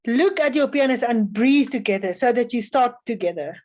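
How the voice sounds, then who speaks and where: Woman, slightly high voice; patient adjudicator giving considered feedback, plenty of fillers. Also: animated, darkish tone, rough recording. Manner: measured, instructive, frequent um fillers. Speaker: music festival adjudicator. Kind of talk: spoken feedback to young violinists.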